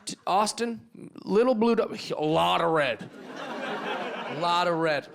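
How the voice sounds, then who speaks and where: A male stand-up comedian doing a brash, profane set, slipping into quick character voices. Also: high voice, expressive, gravelly. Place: comedy club stage with live audience. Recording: live club set with loud crowd laughter. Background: audience laughing.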